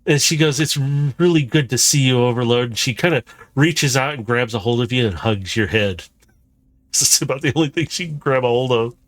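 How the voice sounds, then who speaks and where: A man runs the game, describing each scene in a loose, chatty flow with frequent chuckles. His voice sits at an ordinary middle pitch. The sound is dry and close, with no room echo. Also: lively intonation, brisk, fairly bright tone. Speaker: game master. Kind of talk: narrating a tabletop game.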